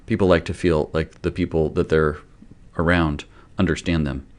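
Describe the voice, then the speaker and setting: Deep-voiced man explaining parenting gently. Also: fairly even intonation, moderate pace. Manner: conversational, gentle, loosely self-correcting. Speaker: pediatrician giving parenting advice. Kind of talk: casual explanatory talk to camera.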